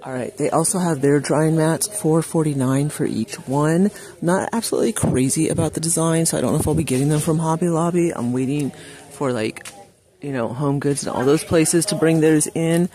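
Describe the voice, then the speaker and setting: A man's voice: on the high side, moderate pace, dark tone. A man chatting casually and enthusiastically as he walks through a large craft store, reading out prices into a handheld phone. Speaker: shopping vlogger. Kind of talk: casual shop-with-me walkthrough.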